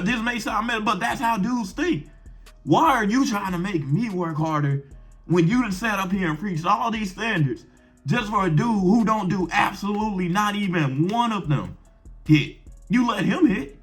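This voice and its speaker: A man's voice: high voice, lively intonation, moderate pace, fairly bright tone, faint music behind. A young man giving blunt, profane relationship advice to camera in brash slang, firing off rhetorical questions. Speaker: advice vlogger.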